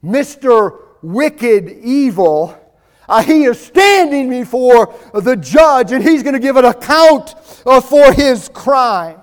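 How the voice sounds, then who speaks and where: Slow, high-voiced male preacher. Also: lively intonation. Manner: slow, emphatic preaching with long pauses, rising to shouts. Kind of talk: sermon.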